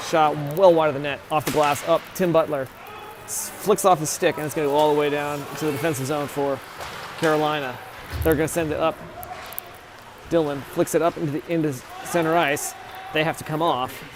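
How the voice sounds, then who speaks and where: A man's voice: on the high side, steady tone, moderate pace, pauses often, background noise. A man giving casual play-by-play of a youth hockey game, chatty and often correcting himself on player names. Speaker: amateur play-by-play commentator. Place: ice rink.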